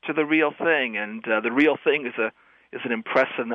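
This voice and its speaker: A man's voice: medium pitch, normal speed, no room sound. A male guest scholar on a radio call-in show, talking thoughtfully with frequent restarts and fillers. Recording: tinny phone line, dry.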